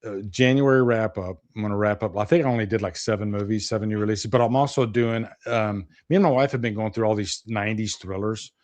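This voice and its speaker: A man co-hosting a casual horror podcast, chatty and quick to laugh. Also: fairly low pitch, a little mellow. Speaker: podcast co-host. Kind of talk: casual chat.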